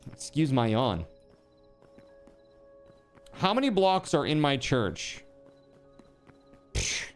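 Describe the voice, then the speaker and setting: A man's voice: medium pitch, clear, resonant tone. A man streaming a building game, chatting casually and answering his chat aloud.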